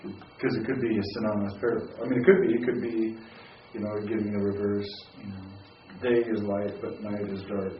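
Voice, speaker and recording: A man lecturing in a classroom, relaxed and thinking aloud as he quizzes students. His voice sits a little low and lands from across a roomy space. The recording sounds dull, with a faint hiss behind it. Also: normal speed, hardly any pauses, far from the mic. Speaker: Hebrew grammar professor. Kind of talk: classroom teaching.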